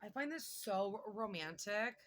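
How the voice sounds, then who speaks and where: Woman tarot reader, bright edgy tone, loose and gabby, curses casually, thinks out loud. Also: mid-range voice, slight background noise. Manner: chatty, excitable, swears casually, pauses to think aloud. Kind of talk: casual tarot card reading.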